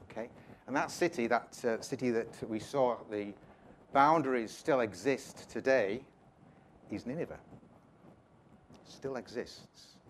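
A man's voice: mid-range voice, a little hiss or hum. A man giving an informal, jokey sermon, retelling a Bible story with chatty asides. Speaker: preacher.

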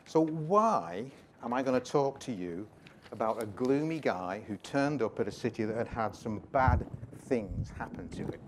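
A man's voice: mid-range voice, animated, moderate pace, slight background noise. A man giving an informal, jokey sermon, retelling a Bible story with chatty asides. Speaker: preacher.

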